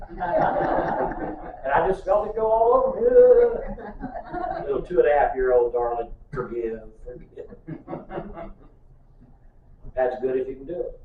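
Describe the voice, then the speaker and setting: Folksy older preacher in an echoey church. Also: male voice, medium pitch, slight background noise. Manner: folksy storytelling with humor. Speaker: pastor. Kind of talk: sermon. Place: church sanctuary. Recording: distant, echoey, muffled church recording.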